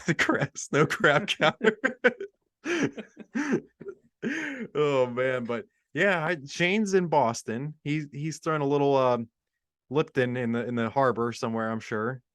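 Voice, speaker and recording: A man's voice: medium pitch, animated, measured pace, fairly bright tone, no echo, clean studio sound. A male podcast co-host chatting casually on a video call, giggling and rambling as he stumbles over his words. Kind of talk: casual comedic chat.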